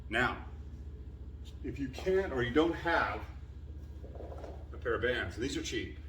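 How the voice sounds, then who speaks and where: A man's voice: mid-range voice, fairly bright tone, far from the mic, slight background noise. A man coaching a push-up workout in a plain, casual way with many fillers, a little winded from exercising. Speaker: fitness trainer. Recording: echoey room, voice from afar.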